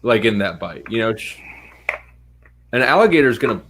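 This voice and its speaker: A man's voice: fairly low pitch, big pitch swings, moderate pace, a bit bright, slight background noise. A man hosting a casual chat, laid-back and profane with a dry sense of humor. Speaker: host.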